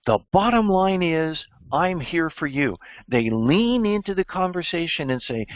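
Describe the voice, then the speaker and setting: Fairly high-voiced guy coaching interview skills, punchy and teacherly, dull dry recording. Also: very animated, measured pace, hardly any pauses, no echo. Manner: emphatic, teacherly, quizzes listeners. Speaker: cybersecurity mentor. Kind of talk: coaching discussion.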